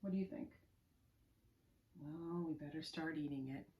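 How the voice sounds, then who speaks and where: A woman reading a picture story aloud to preschoolers at a library, in a sing-song, animated way that invites the children to join in. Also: deep voice, moderate pace, roomy sound. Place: library room.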